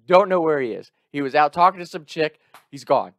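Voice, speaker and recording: A young man tells a story casually, talking animatedly, swearing often and breaking off into quick asides and restarts. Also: a little high, expressive, vocal fry, dry recording.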